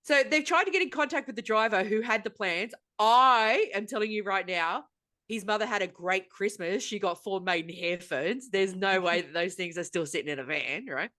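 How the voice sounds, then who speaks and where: A woman with an Australian accent hosts a casual podcast chat, telling a long story in an exasperated, sweary way. Her medium-pitched voice sounds pushed and bright at a normal speed.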